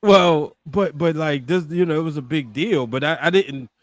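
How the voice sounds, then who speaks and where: A man's voice: on the high side, moderate pace, no echo. A man co-hosting a wrestling podcast, rambling through his point and peppering it with "you know". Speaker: podcast co-host. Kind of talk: casual wrestling chat.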